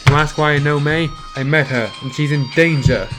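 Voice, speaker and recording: A calm, helpful young male ninja, as a man reading the story puts him on. The delivery stays plain and steady, a little high in pitch, with faint music beneath the storybook reading. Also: moderate pace, close to an everyday voice. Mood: urgent.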